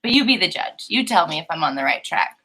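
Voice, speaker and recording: A woman's voice: fairly low pitch, big pitch swings, fast talker, sharp tone, poor audio. A young woman hosting a painting live stream, chatting casually and giggling as she talks to her chat. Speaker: painting livestream host.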